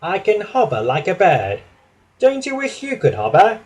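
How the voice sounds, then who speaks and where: A man reading a storybook aloud and voicing a boastful male helicopter that talks in a slow, smug drawl. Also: high-pitched, huge pitch swings, a little mellow, breathy edge, voice pushed up, exaggerated voice.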